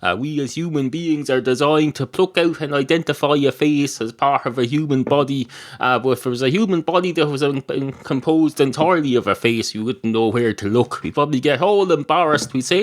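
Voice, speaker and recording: A man's voice: medium pitch, moderate pace. A man hosting a podcast in a rambling comic monologue, meandering and interrupting himself with absurd riffs. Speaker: podcast host.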